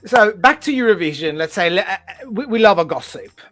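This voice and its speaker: A middle-aged male interviewer with a warm, effusive manner, tripping over his words as he asks his questions. Soft music sits faintly behind him. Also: sits high, expressive, a little fast. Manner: warm, effusive, stammering restarts. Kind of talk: friendly interview chat.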